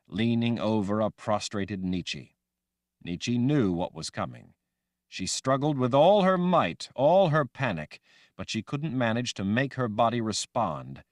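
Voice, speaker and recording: A man reading a fantasy audiobook aloud in a dramatic, expressive way. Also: mid-range voice, no room sound, studio quality. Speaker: audiobook narrator. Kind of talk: scripted fantasy audiobook narration.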